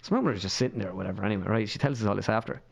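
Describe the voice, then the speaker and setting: A man's voice: on the low side, rapid-fire, gravelly. An Irish man, a podcast guest, tells rambling anecdotes full of fillers and acts out the voices of the people in them. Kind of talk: storytelling in a podcast interview.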